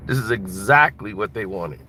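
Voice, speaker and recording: A vlogger drives while giving blunt, mocking casual commentary, laughing at his own jokes. His voice is lowish, pushed and bright, with faint car and road noise in the background.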